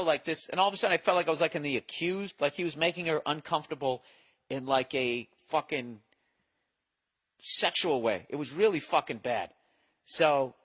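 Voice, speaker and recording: A bit bright in a mid-range voice, this podcast host delivers a comedic storytelling monologue. His telling is rambling, exasperated and full of profanity.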